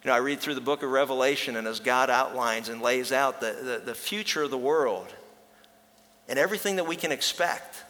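A man preaching a sermon as a pastor, earnest and pausing to slow down for emphasis, sometimes telling a story with lively voices. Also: mid-range voice. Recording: long hall reverb.

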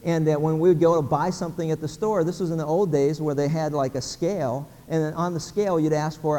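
A man's voice: on the high side, fairly even intonation, a little fast, hardly any pauses, warm tone, big-room sound. A middle-aged man from Pennsylvania preaching a sermon, folksy, acting out little everyday scenes. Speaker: pastor.

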